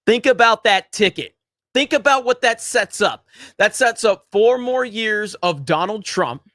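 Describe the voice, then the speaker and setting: A man with a notably high voice rants through a livestream, heated and profane. He hammers his points with repetition and breaks off to read out viewer chats. The sound is dry and close, with no room echo. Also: sharp tone. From Florida. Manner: profane, heated and emphatic, repeats himself. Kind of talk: ranting political commentary.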